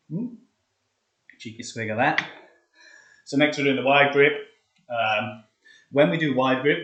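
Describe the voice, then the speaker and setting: A man's voice: mid-range voice, a bit bright. A young man leading a live workout, chatting casually and counting reps aloud, out of breath. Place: hot flat, indoors. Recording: echoey room.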